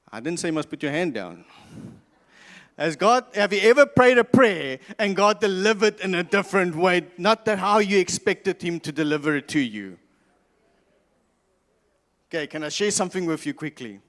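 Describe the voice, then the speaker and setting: Male pastor with a high voice, emphatic preacher who repeats key lines, recorded in a reverberant church hall. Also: a bit bright. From South Africa. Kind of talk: sermon.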